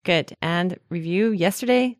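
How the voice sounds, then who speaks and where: A woman's voice: fairly low pitch, a little slow, no room sound, studio quality. A woman co-hosting a language lesson, chatty and explaining patiently with frequent laughs. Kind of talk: casual podcast lesson.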